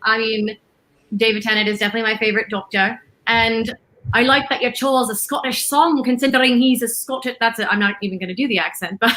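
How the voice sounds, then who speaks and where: A woman's voice: sits high, bright, forceful tone, low-quality recording. A woman co-hosting a live-streamed cabaret, giggly and rambling as she introduces acts and pokes fun at herself. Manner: giggly, rambling, self-mocking. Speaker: cabaret co-host.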